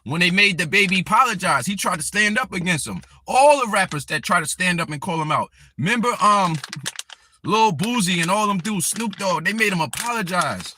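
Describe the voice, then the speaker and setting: A male live stream host launches into a heated, angry rant, talking straight at his target. He speaks fairly quickly in a high, sharp voice with lively intonation, and a little hiss or hum runs under the audio.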